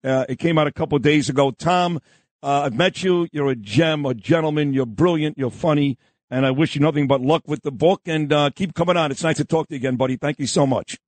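Brisk male radio talk host. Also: a little high, no room sound. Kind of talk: radio talk show hosting.

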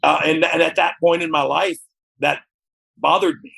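A man's voice: on the high side, fairly even intonation, normal speed, vocal fry, a bit bright, slightly rough. A man being interviewed as a guest, talking frankly and reflectively, often checking "you know what I mean?". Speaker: interview guest, former wrestler. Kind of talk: candid conversational interview.

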